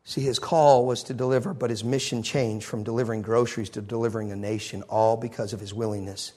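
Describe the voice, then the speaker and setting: A man preaching a sermon, telling a story and swinging between loud moments and hushed ones. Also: mid-range voice, fairly even intonation, fast talker.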